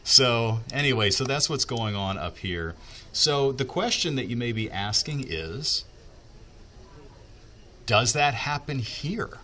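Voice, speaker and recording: A man's voice: medium pitch, lively intonation, takes it slowly, pushed and bright, slight background noise. A man working as a TV meteorologist, explaining the weather in a casual, chatty way, with asides and fillers as he thinks aloud.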